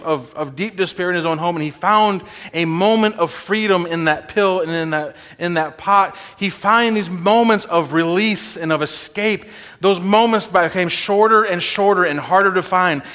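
A man preaching a sermon to a congregation in a church, animated and informal, often laughing. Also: high-pitched. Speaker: guest preacher. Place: church sanctuary. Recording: long hall reverb.

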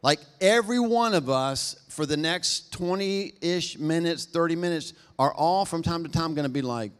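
Guy pastor talking fast in a sermon, kinda high voice, casual and jokey. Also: smooth. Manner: fast, conversational, self-deprecating.

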